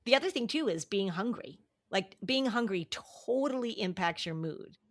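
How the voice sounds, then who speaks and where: A woman's voice: medium pitch, moderate pace, no room sound, clean studio sound. A middle-aged woman hosting a podcast, chatting casually and animatedly, laughing often. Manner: animated, laughs often, acts out quoted voices. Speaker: podcast host, therapist. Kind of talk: casual chat.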